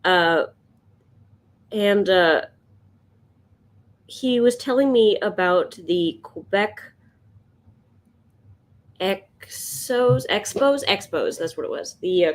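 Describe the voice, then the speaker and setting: Chatty woman, low voice. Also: expressive, slow, pauses often. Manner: rambling, chatty, laughs often. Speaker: art streamer. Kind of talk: casual chat while sketching.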